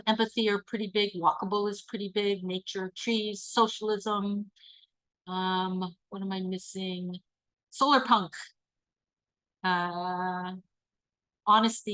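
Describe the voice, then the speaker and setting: A woman presenting an online workshop, leading a calm guided visualization and reading audience answers aloud. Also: medium pitch, no echo, low-quality recording. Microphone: video call.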